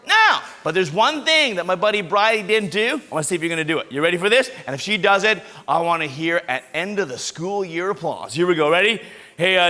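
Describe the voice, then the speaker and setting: A man's voice: high-pitched, pushed and bright. A man giving an upbeat anti-bullying talk at a school assembly, coaching kids through role-play.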